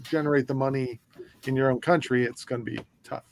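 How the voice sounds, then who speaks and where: A man's voice: mid-range voice, fairly even intonation, fairly quick, gravelly, a little hiss or hum. Chatty man hosting an interview. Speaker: podcast co-host. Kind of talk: casual chat, interviewing.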